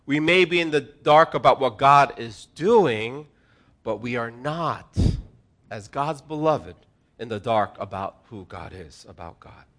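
A man preaching a sermon as pastor, with an earnest delivery that swings between hushed and emphatic. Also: mid-range voice, expressive, a little slow.

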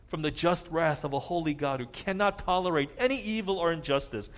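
A man preaching a sermon, earnest, rising to loud emphasis and dropping to a near hush at key points. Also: on the high side, animated, moderate pace. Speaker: pastor.

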